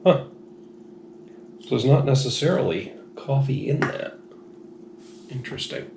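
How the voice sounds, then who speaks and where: Casting: tipsy man, gravelly and a bit low, casual rambling reviewer, echoey room with faint noise. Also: animated, measured pace, a little mellow. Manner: rambling, frank, self-deprecating. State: slightly tipsy. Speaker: beer reviewer.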